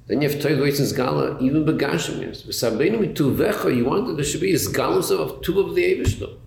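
A Torah teacher gives an animated Chassidus class in a fairly high, gravelly voice that rises and falls a lot, speaking quickly. He poses rhetorical questions to himself, repeating words and restarting phrases as he thinks. The echoey room carries a faint hiss.

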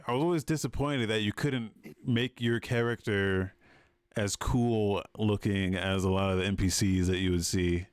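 A man on a gaming podcast with a low, smooth and resonant voice. He chips in with short reactions and reads out chat names. The sound is dry and close. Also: fairly even intonation, normal speed, no room sound.

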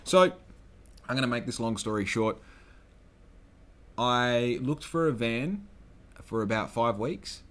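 A young Australian man hosting a solo podcast, telling a long story in a loose, swearing, animated way and acting out the people he quotes. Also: on the low side. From Western Australia. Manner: swears freely, acts out quoted people, gets loud when excited. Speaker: podcast host.

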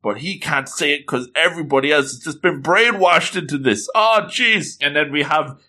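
A man reads a comic chapter aloud to his listeners, breaking off to joke about it. His voice is bright and forward, with a casual, playful lilt. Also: fairly high pitch, a little fast. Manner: playful, joking, fond of the same exclamation; acts out the characters with changing voices. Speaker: reader reviewing a comic chapter. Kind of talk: casual comic read-along with commentary.

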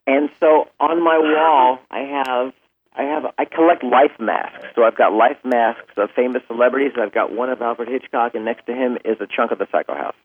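A male voice actor, a guest on a show, telling lively anecdotes and acting out quotes, heard over a phone line. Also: mid-range voice, moderate pace, breathy edge. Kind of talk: casual storytelling on a call-in interview.

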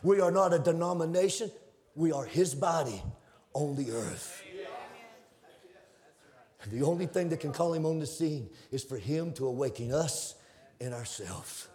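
A man preaching a fervent sermon, telling stories in a folksy way and building to shouted climaxes. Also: a little high, animated, measured pace, pauses often. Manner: storytelling in a folksy, conversational way.

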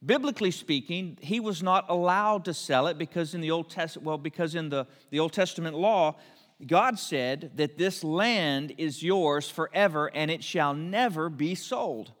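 A man's voice: fairly high pitch, moderate pace, fairly bright tone. Preaching man in a reverberant hall. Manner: storytelling preacher, voices biblical characters briefly. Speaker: pastor. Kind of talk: sermon.

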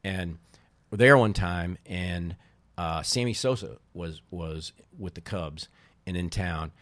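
Deep-voiced man rambling through baseball stories. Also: slow pace, a bit bright, no echo. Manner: rambling, self-interrupting storyteller. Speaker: podcast guest, former baseball team co-owner. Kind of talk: casual storytelling chat.

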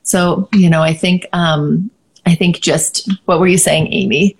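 Husky-voiced woman giving parenting advice. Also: lowish voice, fairly even intonation, measured pace. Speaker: parenting podcast co-host. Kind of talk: casual advice chat.

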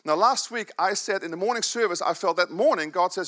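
A man's voice: high voice, fairly quick, hardly any pauses. A man preaching a sermon, telling stories and joking with the congregation. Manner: animated storytelling with audience banter and laughs.

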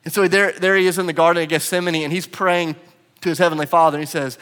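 A man preaching in a church auditorium, his fairly high voice rising on emphasis and dropping to a hush. A long reverb trails behind every phrase. His delivery is dynamic and earnest. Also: flat delivery, fast, clear, resonant tone. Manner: dynamic preaching, swings from loud emphasis to hushed lines. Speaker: pastor. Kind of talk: sermon. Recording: long reverb of a large room.

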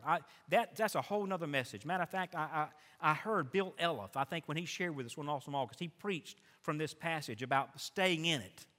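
Animated preacher in an echoing church. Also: male voice, on the high side. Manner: animated, rising to loud emphatic passages. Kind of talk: sermon. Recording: long hall reverb.

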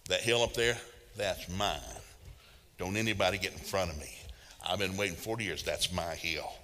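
A low, hushed old man in his eighties, as a preacher puts him on quietly stakes his claim to his friends. His tone is firm and determined, and it carries a long echo in a big hall. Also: normal speed.

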